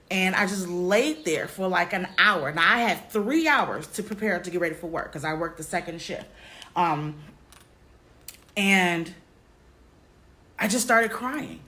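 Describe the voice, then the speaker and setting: A woman vlogger telling a personal story straight to her viewers, halting often and repeating herself. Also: medium pitch, pushed and bright. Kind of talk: candid personal storytelling to camera.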